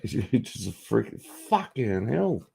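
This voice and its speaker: A middle-aged man with an Australian accent rambles through a casual livestream from his home office. His voice is gravelly and rough at the edges, and his talk is loose, profane and quick to laughter as he riffs on the chat. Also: medium pitch, sing-song, dark tone, a little hiss or hum. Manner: profane, jokey, laughs often, reacts to chat. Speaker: livestream host.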